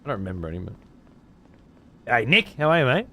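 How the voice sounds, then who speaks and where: A man's voice: a little high, huge pitch swings, fast talker, long pauses, pushed and bright. A man streaming a game, chatting casually and swearing freely while answering his chat. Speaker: let's play streamer. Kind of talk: casual gameplay commentary.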